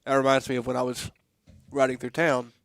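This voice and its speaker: A man's voice: medium pitch, completely flat delivery, brisk, gravelly. A man co-hosting a radio talk show, with easygoing, casual talk. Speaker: radio co-host. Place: radio studio.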